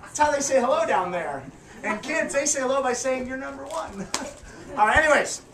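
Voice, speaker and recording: A man doing a live comedy act for a crowd on an outdoor fair stage, loud and teasing, with crude jokes and bursts of shouting. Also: very high voice, animated, normal speed. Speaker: fire performer and street-show comedian. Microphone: camera far from the stage. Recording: distant, echoey, noisy amateur video.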